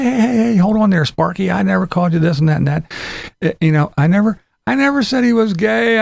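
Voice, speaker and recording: A middle-aged man rants sarcastically at a rival, repeating himself and mocking as he goes. His gravelly voice sits a little high and swings widely in pitch. The sound is dry and close. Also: no room sound. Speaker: YouTube commentary vlogger. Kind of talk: ranting casual commentary.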